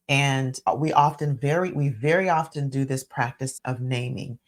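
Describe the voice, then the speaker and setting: A woman hosting a solo podcast, speaking in a reflective teaching tone and repeating phrases for emphasis. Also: extremely low pitch. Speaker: podcast host and physician.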